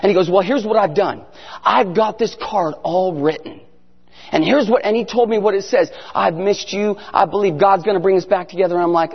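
A man's voice: high voice, moderate pace, breathy edge. A man preaching, telling a funny story and acting out both sides of a conversation. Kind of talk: humorous sermon story. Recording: dull sound in a large reverberant hall.

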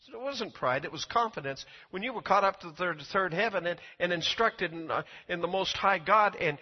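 Husky high-voiced male preacher. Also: a little fast. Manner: preaching with rising volume and emphatic peaks. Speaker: pastor. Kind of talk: sermon. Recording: dull lo-fi recording.

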